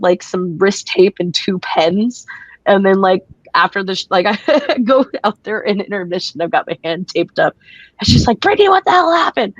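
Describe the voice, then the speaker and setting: A woman's voice: mid-range voice, dry recording. Chatty woman, dull lo-fi audio. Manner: chatty, laughs often, acts out quotes. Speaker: guest wrestler. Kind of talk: casual interview storytelling.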